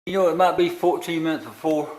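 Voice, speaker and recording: A man's voice: fairly high pitch, quick pace, darkish tone, low-quality recording. An older man, talking through a tractor build in his machine shop in a rambling, grumbling way. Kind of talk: casual workshop vlog.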